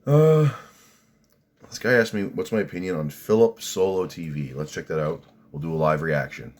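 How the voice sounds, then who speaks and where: A man's voice: low voice, animated, moderate pace, darkish tone. A man doing a casual video reaction, blunt and crude, rambling with fillers.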